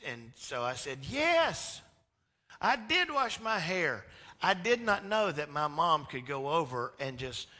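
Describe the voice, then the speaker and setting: A man from Georgia, preaching a storytelling sermon and swinging from loud to hushed. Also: medium pitch, in a large hall. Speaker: pastor. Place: church sanctuary.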